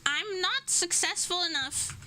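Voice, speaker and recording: A woman's voice: extremely high pitch, a little slow, bright, forceful tone, slight background noise, low-quality recording. A woman streamer chatting casually while she draws, laughing between almost every phrase. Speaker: streamer and illustrator.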